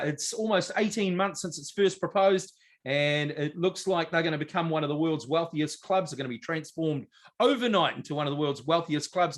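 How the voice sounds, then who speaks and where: Jokey, animated sports podcaster. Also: male voice, high-pitched. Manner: jokey, animated, rambling with fillers. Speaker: podcast co-host. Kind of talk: casual sports chat.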